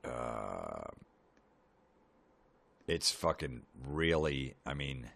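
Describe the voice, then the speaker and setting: Super deep voiced guy doing a sweary deadpan comedy rant, podcast host vibe. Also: very slow, creaky. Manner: profane, sarcastic, deadpan asides.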